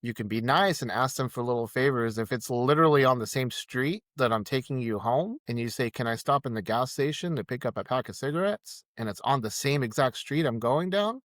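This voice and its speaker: A man's voice: mid-range voice, brisk, few pauses, no echo, studio quality. A man, telling a rideshare story in casual chat and acting out the quotes. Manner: animated storyteller, acts out quotes. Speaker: podcast guest, rideshare driver.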